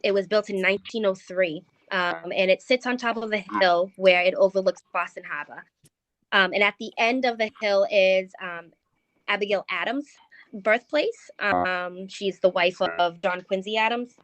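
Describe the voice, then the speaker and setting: Woman guest, paranormal investigator, halting ghost story full of ums, dry close sound. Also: mid-range voice, fairly bright tone, dry recording, highs cut off. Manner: hesitant, many ums and restarts. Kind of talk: recounting a ghost story in conversation.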